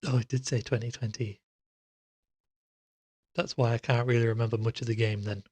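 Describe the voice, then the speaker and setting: A man's voice: medium pitch, little pitch movement, moderate pace, mellow, husky. Chatty man streaming a horror game. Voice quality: chatty, squeamish, laughs easily. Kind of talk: casual live gameplay commentary. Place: room sitting in the dark.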